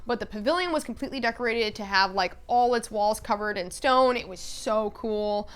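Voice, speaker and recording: A woman's voice: medium pitch, normal speed, fairly bright tone, smooth. A woman vlogger telling an enthusiastic, casual story, full of "like" and fillers. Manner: enthusiastic, filler-heavy with lots of "like".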